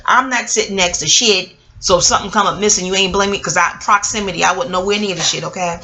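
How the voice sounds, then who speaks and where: A woman's voice: mid-range voice, quick pace, soft background music, poor audio. A woman, telling a story to her viewers in a loose, profane, slangy way. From New York. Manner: animated, profane, street slang, talks straight to viewers. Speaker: vlogger. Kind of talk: casual storytelling.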